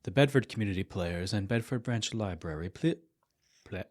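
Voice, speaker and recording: A man's voice: lowish voice, expressive, moderate pace, a little mellow. A man co-hosting a library podcast, reading event announcements with playful, dry humor in casual chat.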